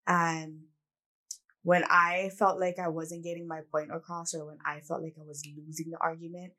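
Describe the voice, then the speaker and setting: A woman with a lowish voice hosts a casual podcast chat. She tells personal stories in a candid, reflective way, with lots of "like" and "you know". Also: flat delivery, moderate pace, bright, forceful tone. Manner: candid, reflective storytelling with many "like"s. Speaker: podcast co-host.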